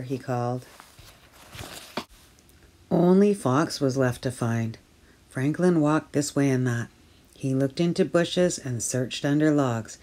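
A woman reading a children's picture book aloud for storytime, gently and clearly. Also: extremely low pitch, takes it slowly, long pauses. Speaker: storytime reader at early years centre.

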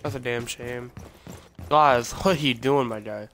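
A man's voice: mid-range voice, a little slow. Guy streaming a shooter off his phone, grumbling at his teammates and himself, game noise all over. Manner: self-mocking, exasperated outbursts at teammates. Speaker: gamer streaming his play. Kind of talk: casual gameplay commentary. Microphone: phone recording. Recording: noisy game audio underneath.

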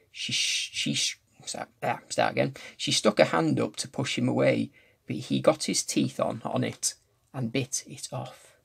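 Gravelly-voiced man reading a story. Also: mid-range voice. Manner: restarts and corrects slips while reading. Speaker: reader. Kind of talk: reading a novel aloud.

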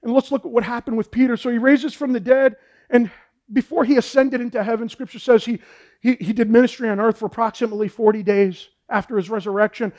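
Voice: medium pitch, steady tone, quick pace, a little mellow. A pastor preaching a sermon in a fervent, repetitive way, often saying "man" and "folks".

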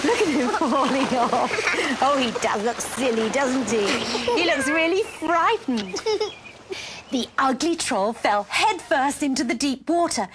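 Lively high-voiced woman presenter for children. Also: a little slow, background noise. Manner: animated, coaxing, asks children questions. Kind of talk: storytelling and quiz game for children.

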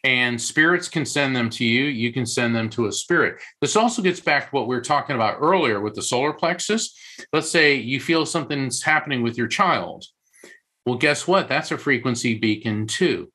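Bright-voiced man explaining eagerly. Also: mid-range voice, slightly rough. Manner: animated storyteller, does quick voices in anecdotes. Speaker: psychic medium guest. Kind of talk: conversational interview explanation.

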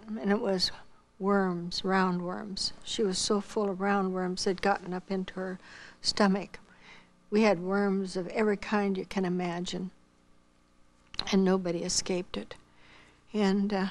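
Woman, missionary testimony, earnest storytelling, even steady delivery. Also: mid-range voice. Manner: earnest, quotes dialogue.

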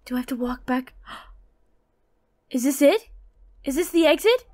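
High-pitched woman gaming with dramatic outbursts. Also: expressive, slow pace, a little mellow. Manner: dramatic, jokey, shrieking when startled. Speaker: gaming YouTuber. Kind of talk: let's play commentary.

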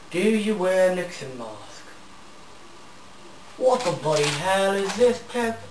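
A man's voice: sits high, reverberant, distant mic, a little hiss or hum, rough recording. A man hosting a comedic parody, ranting in a blustery, mock-indignant way and sometimes slipping into fake foreign gibberish. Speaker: parody show host.

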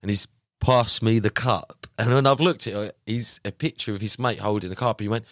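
A man's voice: fairly low pitch, normal speed, no echo, studio quality. Young man telling slangy stories. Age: young adult. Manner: animated storyteller, slangy, lots of fillers. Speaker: podcast guest, carp angler. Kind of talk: casual chat.

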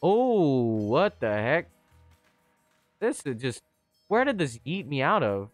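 A man giving chatty, excitable live commentary on a game he is playing, with sudden high squeals. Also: slow, no echo, faint music behind. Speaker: streamer.

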